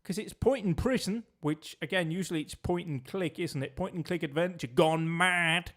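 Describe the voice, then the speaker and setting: A man's voice: fairly high pitch, moderate pace, fairly bright tone. A man streaming a geography guessing game, chatting and joking with his viewers as he plays. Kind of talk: casual gameplay commentary.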